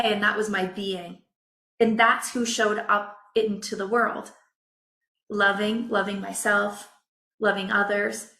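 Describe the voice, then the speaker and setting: A woman coach, a podcast guest, telling a personal story in a candid, emotional, expressive way. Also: a little high, echoey room.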